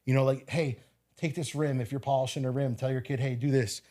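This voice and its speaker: A man of ordinary middle pitch talking in a casual podcast chat. He rattles along in quick bursts, packing his advice with fillers and small restarts. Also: little pitch movement, dark tone.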